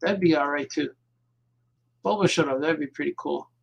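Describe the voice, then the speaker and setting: A man's voice: on the high side, moderate pace, gravelly, dull audio. A man, a cartoonist, chatting casually to his viewers at home at night while he draws, rambling and repeating himself as his thoughts drift. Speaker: cartoonist hosting his own show.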